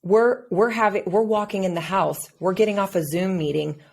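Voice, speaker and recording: A woman's voice: mid-range voice, moderate pace, gravelly, darkish tone. A woman hosting a podcast who is a mother, sharing her own experiences in an earnest, personal way. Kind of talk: casual interview talk.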